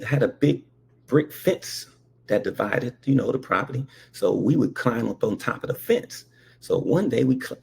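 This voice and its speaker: Gravelly, animated male storyteller. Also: mid-range voice. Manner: animated, repetitive asides like okay and all right. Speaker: comedian. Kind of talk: comic storytelling.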